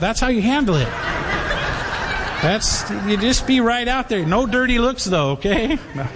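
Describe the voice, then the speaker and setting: A man's voice: extremely high pitch, expressive, unhurried, background noise. A male pastor preaching a sermon in a conversational, joking way, speaking straight to the congregation. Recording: long hall reverb.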